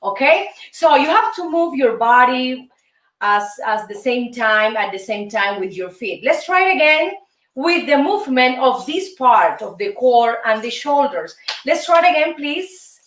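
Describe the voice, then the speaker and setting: A woman's voice: high voice, lively intonation, measured pace, fairly bright tone. A woman with a Cuban Spanish accent teaching salsa steps, counting beats aloud and calling out moves in a chatty way. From Cuba. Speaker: dance teacher and show host. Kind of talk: salsa lesson. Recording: roomy, distant mic, music behind.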